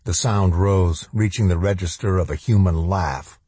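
A man reads a horror novel in a slow, measured, grave voice. His tone is deep and dark with a husky grain. It is recorded close on the mic in a dry, quiet space. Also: dry recording. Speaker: audiobook narrator. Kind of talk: scripted horror narration.

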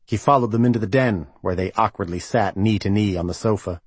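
A man narrates an audiobook in a low, husky voice. His reading is even and measured, and the recording is close and dry with no room sound. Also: no echo. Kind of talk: scripted narration.

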